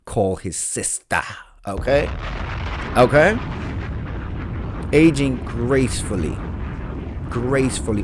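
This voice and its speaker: Animated man hosting a gossip live stream. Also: mid-range voice, slow, long pauses. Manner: animated, dramatic, catchphrase-heavy, gossipy. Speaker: live-stream host reading chat. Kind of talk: casual live-stream commentary.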